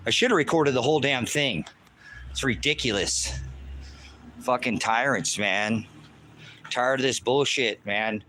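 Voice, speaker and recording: A man's voice: medium pitch, unhurried, pauses often, bright, forceful tone, a little hiss or hum. A man ranting angrily on a live stream outdoors, swearing heavily and repeating himself, recorded on a handheld phone. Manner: heavy swearing, repetitive and agitated. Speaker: livestreamer. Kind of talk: angry live-stream rant.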